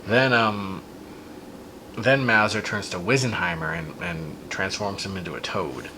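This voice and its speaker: A man with a low voice and measured pace, heard over background noise, hosts a podcast. He animatedly and casually retells a child's silly story, with plenty of fillers and restarts.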